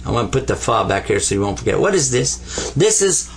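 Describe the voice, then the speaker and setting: A man teaching Arabic letters at a board, patient and playful, repeating each sound slowly for learners. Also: mid-range voice, big pitch swings, gravelly, a little hiss or hum. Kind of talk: whiteboard language lesson.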